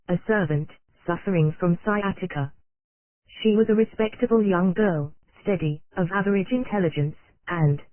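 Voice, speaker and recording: An audiobook narrator reading an old psychology text aloud in a steady, even manner. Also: medium pitch, dry recording. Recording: tinny phone-like dry sound.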